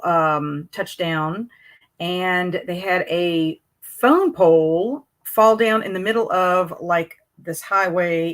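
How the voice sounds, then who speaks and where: Chatty woman hosting a live stream. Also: fairly low pitch. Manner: greets viewers warmly, reads chat messages aloud; chatty, rambling. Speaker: host of a reading live stream. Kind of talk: casual live-stream chat.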